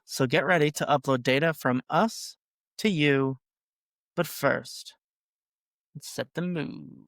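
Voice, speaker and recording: A man's voice: on the high side, slow pace, a bit bright, no room sound, studio quality. A man in his thirties hosting a gaming podcast, chatting casually and giving upbeat announcer-style intros. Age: 30s. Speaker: podcast host. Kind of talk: casual chat.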